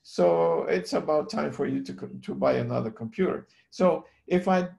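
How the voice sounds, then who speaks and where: A man telling a story on a casual call, earnest and halting, often repeating his words as he goes. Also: on the high side, gravelly, darkish tone.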